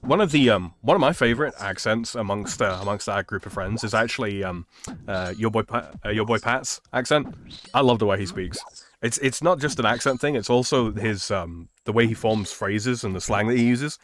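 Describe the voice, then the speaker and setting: A man's voice: lowish voice, moderate pace, fairly bright tone. A man hosting a gaming stream, chatting casually in a musing, hesitant way with plenty of fillers. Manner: musing, hesitant, thinks aloud with many fillers. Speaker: streamer host. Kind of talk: casual chat while gaming.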